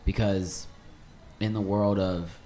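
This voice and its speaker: A man's voice: low voice, takes it slowly, faint music behind. A man hosting a casual podcast conversation, talking in a loose, affirming way with lots of "like". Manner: animated, filler-heavy, affirming. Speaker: podcast host.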